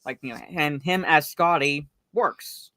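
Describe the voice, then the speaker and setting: A woman's voice: deep voice, measured pace, a bit bright, dry recording. A woman hosting a casual live stream, chatting about a movie and greeting viewers from the chat. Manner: chatty, greets viewers and reads chat messages aloud, frequent fillers. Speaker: livestream host.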